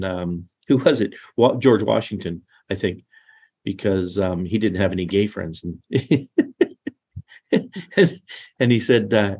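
A man's voice: lowish voice, unhurried, darkish tone, slightly rough. A middle-aged man co-hosting a casual Bible discussion, talking in a rambling, conversational way with restarts and asides. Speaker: Bible study co-host.

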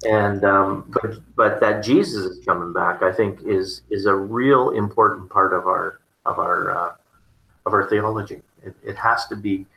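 A man's voice: on the low side, fairly even intonation, normal speed, vocal fry, bright, forceful tone, echoey room, poor audio. A man in casual conversation about theology, rambling and repeating his words. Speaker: theology discussion partner.

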